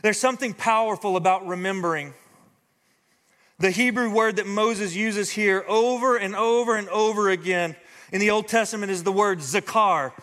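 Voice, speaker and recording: High, bright-voiced preacher in a reverberant hall. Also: male voice, normal speed. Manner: lively preacher addressing the congregation directly. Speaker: pastor. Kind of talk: sermon.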